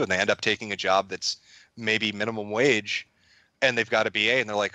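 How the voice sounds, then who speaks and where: Quick-talking bright-voiced man. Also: on the low side, no room sound. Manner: animated, quick and wry, acting out quotes. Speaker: guest. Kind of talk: casual podcast interview.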